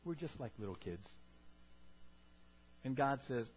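Husky preacher man, muffled recording. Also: medium pitch, sing-song, a little slow, long pauses. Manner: rises to loud emphatic peaks, asks the congregation questions. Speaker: pastor. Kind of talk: sermon.

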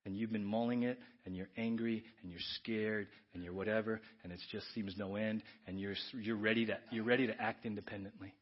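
Male pastor, earnest, emphatic sermon then quiet prayer; husky edge, muffled recording. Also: on the low side, fairly even intonation, brisk, few pauses. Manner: earnest, emphatic preaching that drops to soft prayer. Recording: dull lo-fi church audio.

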